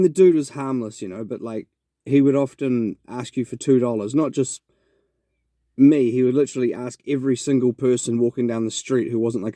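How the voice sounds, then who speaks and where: A man's voice: medium pitch, warm tone, no room sound, clean studio sound. A man with a New Zealand accent, hosting a podcast and telling a rambling, reflective story in a casual monologue. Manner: rambling and reflective, with many restarts. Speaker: podcast host.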